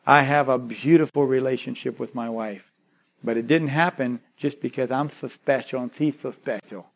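A man preaches a sermon as pastor, swinging between loud urging and quiet intensity while repeating key phrases. His voice is mid-range, with a steady tone and normal speed.

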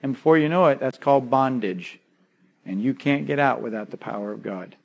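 A man preaching a sermon as pastor, swinging from loud urging to quiet intensity and repeating key phrases. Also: medium pitch, a little fast, creaky.

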